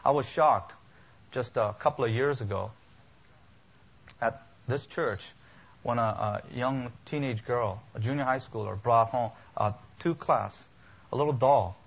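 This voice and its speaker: A man's voice: mid-range voice, a little slow, vocal fry, breathy edge. A man preaching a sermon as a pastor, emphatic and building, with lists and rhetorical questions. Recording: dull lo-fi sermon recording.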